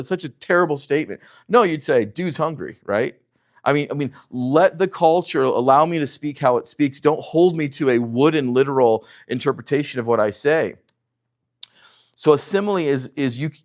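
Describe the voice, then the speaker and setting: A middle-aged man leads a Bible lesson in a mid-range voice. He talks in an animated, emphatic way, piling up restarts and fillers as his points build. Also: medium pitch. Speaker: Bible teacher. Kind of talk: teaching a Bible class.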